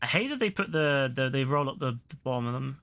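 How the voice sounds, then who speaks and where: Brash, bright-voiced young streamer guy. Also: mid-range voice, expressive, fast talker. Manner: profane, mock-outraged banter. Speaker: game streamer. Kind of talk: casual live-stream chat.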